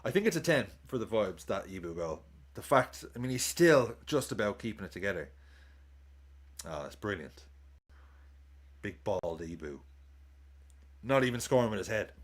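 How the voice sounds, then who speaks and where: A man's voice: on the low side, sing-song, normal speed, long pauses. A man streaming a live football watchalong, chatting casually, swearing, cheering goals and thanking viewers for tips.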